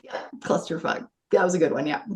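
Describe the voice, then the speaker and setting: Female coach as podcast guest, lowish voice, earnest and animated, laughs easily. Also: brisk. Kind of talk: conversational interview.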